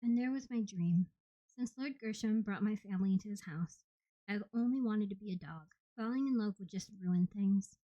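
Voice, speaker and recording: A woman narrating an audiobook in the first person with steady, plain storytelling. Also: mid-range voice, normal speed, no room sound, lo-fi sound. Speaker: audiobook reader.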